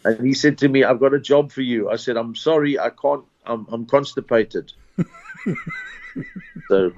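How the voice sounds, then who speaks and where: A man's voice: mid-range voice, a little slow, a little mellow. A South African man spins stand-up stories in a loose, rambling way, tripping over his starts and chuckling as he goes. The recording is dull and slightly lo-fi. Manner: rambling anecdotes with false starts and laughs. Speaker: comedian. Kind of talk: casual interview storytelling.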